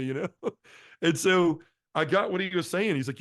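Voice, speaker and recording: A man's voice: a little high, quick pace, no echo, studio quality. A man giving an earnest personal testimony as a guest, telling his story and acting out the dialogue along the way. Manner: earnest, acts out quoted dialogue. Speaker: podcast guest.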